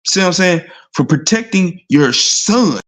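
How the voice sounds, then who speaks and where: A man's voice: sits high, expressive, a little slow, fairly bright tone. Blunt, profane man ranting about football. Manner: blunt, profane, rambling and repetitive; rhetorical "see what I'm saying?" asides. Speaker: sports talk host. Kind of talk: casual sports talk livestream.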